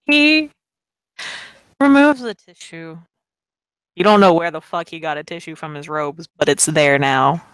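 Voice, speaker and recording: A woman's voice: low-pitched, a little slow, long pauses, a bit bright, smooth, no echo, rough recording. A woman narrating a tabletop roleplay scene casually, with laughter and swearing. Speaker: game narrator.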